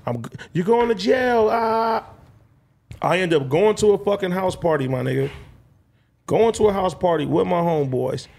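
A man's voice: fairly high pitch, fairly quick, creaky, a little mellow. A man telling a long personal story in casual, slang-heavy, swearing chat.

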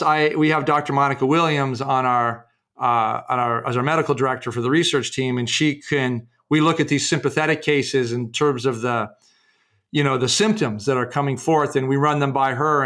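A man's voice: medium pitch, fairly bright tone. A man being interviewed about his research and book, telling case stories with many restarts and fillers and acting out the quotes. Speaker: author and researcher, guest.

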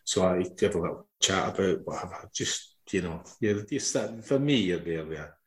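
A man's voice: sits low, animated, a little fast, roomy sound. A middle-aged man, a podcast host, telling a rambling anecdote in casual chat and laughing along as he goes. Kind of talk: casual storytelling.

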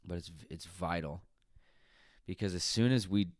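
Deep-voiced man telling a casual story. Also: normal speed, dry recording, clean studio sound. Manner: chatty, rambling with fillers and asides. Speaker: podcast host.

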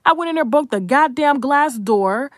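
A woman's voice: high voice, animated, moderate pace, no room sound, clean studio sound. A young adult woman content creator giving a blunt, profane, emphatic commentary rant.

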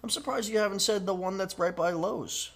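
A man's voice: high voice, fairly quick, vocal fry, a bit bright. A young man hosting a casual podcast chat, joking, teasing and swearing a lot. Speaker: podcast host.

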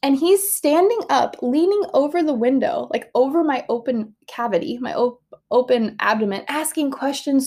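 A young woman in casual, animated storytelling, chatting warmly to her viewers and peppering her talk with "like" and "oh my gosh". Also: high-pitched, moderate pace. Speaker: vlogger sharing a birth story.

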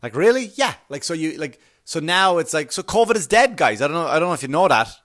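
A man hosting a podcast, telling a rambling, profane story in a sarcastic way, with loud bursts of exasperation. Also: on the high side, very animated, fast talker. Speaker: podcast host. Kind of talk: casual comedic storytelling.

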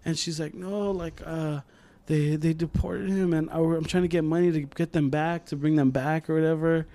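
A podcast co-host chats casually, his voice fairly high and his pace moderate. He's an animated storyteller who acts out the voices of the people he quotes.

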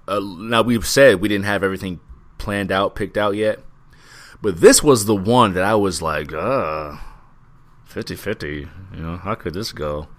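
A man's voice: lowish voice, fairly bright tone. A man co-hosting a wrestling podcast, talking casually and profanely, drawing out his recaps. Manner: laid-back, profane, drawn-out recaps. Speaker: podcast co-host.

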